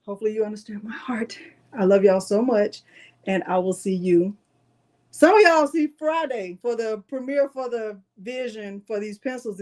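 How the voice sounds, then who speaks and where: A middle-aged woman, hosting a live crafting tutorial in a chatty way and addressing viewers as y'all. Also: mid-range voice. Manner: chatty, warm toward viewers, says "y'all".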